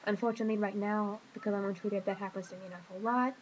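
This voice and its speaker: A woman speaking to camera in a personal confessional vlog, hesitant and emotional, stopping often with pauses and fillers. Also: medium pitch, fairly even intonation, dull audio, a little hiss or hum. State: emotional, hurting. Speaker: vlogger.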